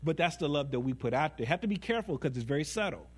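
A man preaching a sermon in a conversational, humorous way, asking rhetorical questions and slowing down for emphasis. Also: fairly high pitch, expressive, breathy edge. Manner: conversational and humorous, laughing at his own stories; rhetorical questions, dramatic slowdowns.

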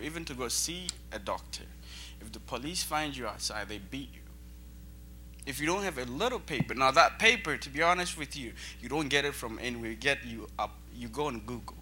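Bright-voiced man. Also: mid-range voice, expressive, fairly quick, soft background music. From Botswana. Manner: earnest, emotional, preacherly. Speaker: guest missionary speaker. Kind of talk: church testimony.

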